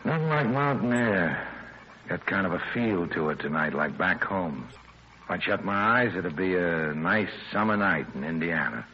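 Deep-voiced hunted gangster, clipped hardboiled talk, lo-fi old radio recording with faint hiss. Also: male voice, animated, moderate pace. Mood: weary tender. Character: tough wanted male gangster on the run. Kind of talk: 1940s radio acting.

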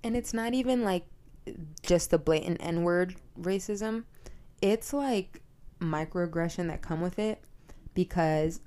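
A woman's voice: on the low side, normal speed. Blunt, swearing young woman podcaster. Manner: blunt, profane and animated. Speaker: podcast host. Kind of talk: casual monologue.

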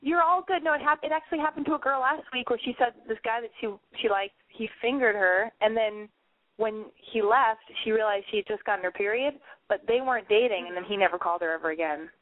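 A woman hosting a call-in advice podcast, blunt and excitable, swearing freely as she talks callers through their problems. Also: on the high side, quick pace, no echo. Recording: phone-like narrow sound, dry.

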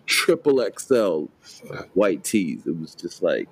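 A low-pitched, very animated man in his late twenties from New Jersey co-hosts a podcast, chatting casually at a slow pace. He rambles with lots of fillers and restarts and laughs a lot, on a rough recording with no room sound.

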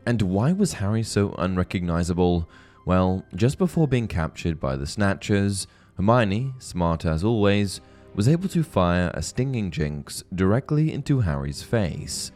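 Man, deep voice, scripted narration, lively intonation, faint music. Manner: clear, measured storytelling with expressive emphasis. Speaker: host of a book-theory channel. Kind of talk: scripted narration and book reading.

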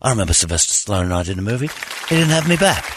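A man doing an impression of a vain, cocky action star who boasts and taunts in a brisk delivery. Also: lowish voice, big pitch swings, a bit bright, breathy edge, no echo, some chatter behind, full character voice.

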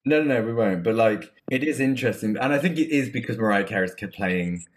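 A man's voice: fairly low pitch, expressive, brisk. A man co-hosting a podcast, reviewing a film in casual, rambling chat with many restarts. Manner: chatty, rambling with restarts and laughs. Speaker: podcast co-host.

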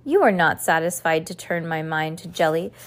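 A woman reads the part of a nervous, theatrical male jester locked in a dark cell. He rambles in rhymes and bad puns, fretting about his own sanity. The delivery is storybook read-aloud, close to her own voice. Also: sits low, normal speed, natural voice. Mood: theatrical, fretful. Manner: rhyming, pun-loving, theatrical ramble. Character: anxious, rambling male court jester prisoner.

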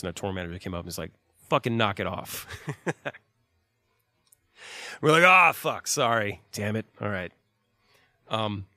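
A man's voice: on the low side, fairly bright tone, no room sound. A man in his thirties, a touring musician, giving laid-back, profane, rambling advice in casual talk.

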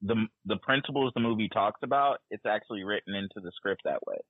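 A man co-hosting a casual movie discussion, calmly explaining how the story fits together. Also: on the low side, fast talker, dry recording. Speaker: podcast co-host. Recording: tinny phone-like line, dry.

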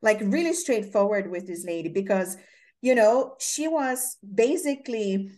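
Hosting a relaxed interview, a woman from Brazil speaks in a mellow, medium-pitched voice with lively intonation, a bit slowly. Portuguese is her first language, her accent is Brazilian, and she rambles through stories heavy with fillers.

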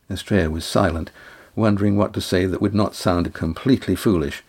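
A man narrating a sailing adventure novel in an even, unhurried way. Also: low voice, slightly rough. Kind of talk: audiobook narration.

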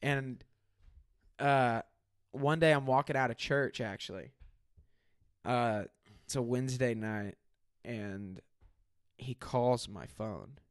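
A man's voice: mid-range voice, slow, dry recording, clean studio sound. Casual young man telling a story. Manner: casual and emphatic, with many "like" fillers.

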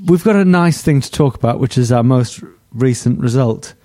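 A man leads a casual football podcast chat with a warm, mellow tone and a dry, close-miked sound. He keeps things moving with teasing, deadpan banter. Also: medium pitch, normal speed, no echo. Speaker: podcast host.

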